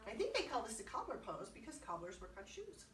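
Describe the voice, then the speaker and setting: Sing-song and quick, with a voice on the high side, this children's librarian cheers kids on through a music and movement class using playful sound words. Background noise and a distant microphone lend a roomy quality.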